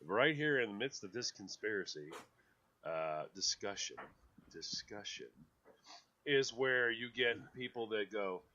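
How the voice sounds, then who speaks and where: A man hosting a talk radio show in casual chat, animated, with stammered restarts, who mimics other people in quotes. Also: fairly low pitch, a little slow. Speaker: radio host. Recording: dull lo-fi radio audio.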